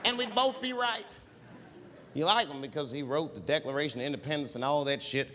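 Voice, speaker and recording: A man performing a stand-up comedy routine on stage, talking in an animated way and jumping into loud put-on voices. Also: fairly high pitch, brisk, a little hiss or hum. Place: stage in a large hall. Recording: live hall recording, faint ambience.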